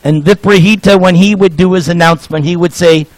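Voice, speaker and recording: A man's voice: high voice, fairly even intonation, fairly quick, dry recording, low-quality recording. Jovial older man telling temple stories. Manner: jovial, joking storyteller. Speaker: speaker at a temple program. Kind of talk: sermon with anecdotes.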